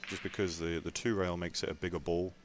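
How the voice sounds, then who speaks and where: A man commentating a pool match in a relaxed, analytical way. His voice sits very low. A faint background hum runs under the commentary. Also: fast talker. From Scotland. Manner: chatty, analytical, jokes around. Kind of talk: live sports commentary.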